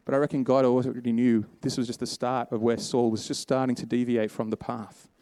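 A man's voice: mid-range voice, level tone, a little fast, dark tone, no room sound. A man preaching a sermon, telling a Bible story in a casual, conversational way and voicing the characters' lines.

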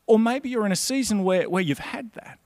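A man's voice: high-pitched, expressive, fairly quick, darkish tone, no room sound. A man preaching a sermon in a conversational, earnest way. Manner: conversational, earnest, with quoted inner voices.

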